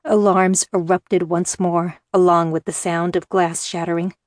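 A woman reading a first-person novel aloud in measured, steady audiobook narration. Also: fairly low pitch, no room sound, studio quality.

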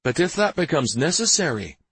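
Guy doing a stern prince, husky voice pushed up higher, slow and heavy, bossy. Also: very animated, a bit bright, no echo, exaggerated voice. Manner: imperious, measured threats. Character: stern commanding adult male prince, fiercely protective.

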